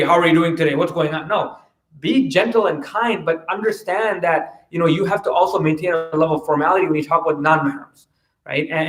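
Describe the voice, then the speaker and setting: A man giving a casual religious talk, full of restarts and quick "right?" asides. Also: high voice, a bit bright. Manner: conversational, many "right?" tags and restarts. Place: mosque hall. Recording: roomy, distant mic.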